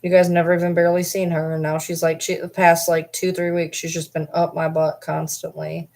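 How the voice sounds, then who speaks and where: Low-voiced woman chatting casually. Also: monotone, a little fast, vocal fry, a little mellow. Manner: rambling and candid, with mild swearing. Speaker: vlogger talking to viewers and her dogs. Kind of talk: casual chat.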